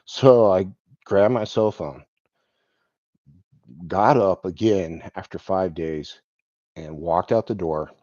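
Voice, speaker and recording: A man's voice: deep voice, takes it slowly, long pauses, darkish tone, no room sound. A man telling a personal story in a rambling way, with lots of "like" and "um" and the odd chuckle. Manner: rambling, full of "like" and "um", chuckles now and then. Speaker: vlogger. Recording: dull lo-fi dry recording.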